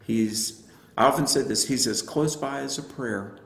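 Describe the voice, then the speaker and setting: A man with a medium-pitched, gravelly voice speaks at a measured pace in a roomy-sounding space. He is an evangelist and apologist appearing as a guest on a radio interview, sharing his personal faith testimony earnestly and reflectively, with frequent fillers.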